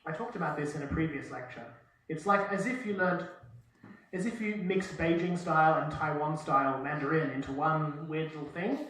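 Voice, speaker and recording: A man's voice: fairly high pitch, moderate pace, a bit bright, slight background noise. A man with an Australian accent giving a joking, self-deprecating classroom lecture and slipping into Mandarin now and then. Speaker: university lecturer. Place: large echoey lecture room. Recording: echoey lecture hall from far off.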